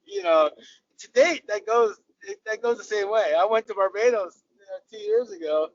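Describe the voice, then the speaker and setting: A man's voice: high voice, moderate pace, slight background noise. An older man with an American accent, from Southern California, chatting as an interview guest with restarts and laughs. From Southern California, USA. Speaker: guest, former cricketer. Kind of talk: casual interview storytelling. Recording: dull sound, voice far from the mic.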